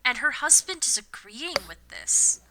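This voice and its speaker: A young woman from Florida, a podcast co-host doing a sarcastic, animated comedic reading of fanfiction with banter. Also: high-pitched, unhurried. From Florida, USA.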